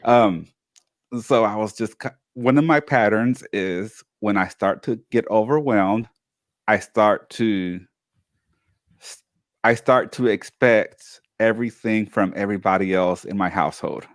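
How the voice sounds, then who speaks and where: A man co-hosting a talk show, telling a personal story in a casual, animated way and acting out the family members he quotes. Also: fairly low pitch, unhurried, no echo, studio quality. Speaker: co-host.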